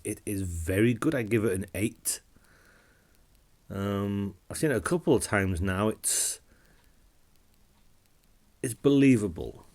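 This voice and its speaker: Low-voiced man reviewing films casually. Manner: relaxed and rambling, with frequent restarts. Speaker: film reviewer. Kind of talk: casual film review vlog.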